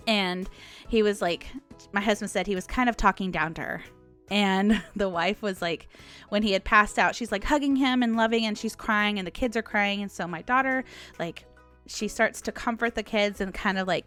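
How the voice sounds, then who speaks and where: Chatty woman, laughing storyteller. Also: medium pitch. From United States. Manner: chatty, laughs often, animated retelling. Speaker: podcast host. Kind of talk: casual storytelling monologue.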